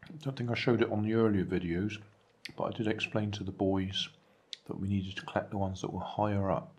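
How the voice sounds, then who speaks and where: An older man, relaxed and chatting casually between mouthfuls in a home food vlog. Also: lowish voice, brisk, slightly rough. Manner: relaxed, chatting while eating. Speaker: vlogger.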